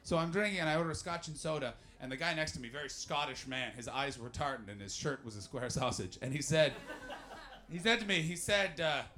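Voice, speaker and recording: Male comedian from Canada, live stand-up: rambling, animated storytelling with crowd work. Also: a little high, brisk. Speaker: stand-up comedian and podcast host.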